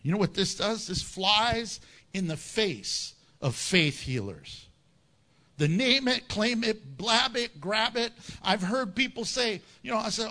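Animated high-voiced male pastor preaching. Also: slow pace. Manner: animated, jokey, acts out quoted voices. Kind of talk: sermon.

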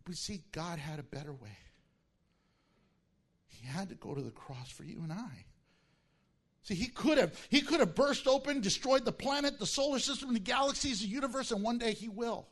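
A male pastor preaching a sermon, animated and acting out the disciples' voices as he tells the story. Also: extremely high pitch, normal speed.

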